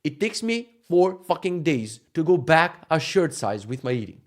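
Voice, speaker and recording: A man in his thirties telling a casual story to camera for his vlog, animated and profane, acting out quotes along the way. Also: a little high, moderate pace. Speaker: vlogger.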